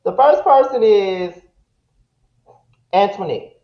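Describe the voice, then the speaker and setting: A man's voice: high-pitched, slow pace. A man hosting a casual interview show, joking around and using slang. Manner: lively, joking, uses slang. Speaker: show host. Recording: roomy, dull sound.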